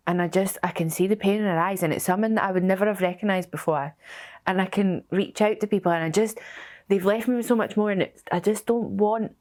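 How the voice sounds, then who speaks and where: A young woman telling her story as a bereaved mother, halting and emotional, with many restarts. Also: fairly low pitch. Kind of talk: personal testimony.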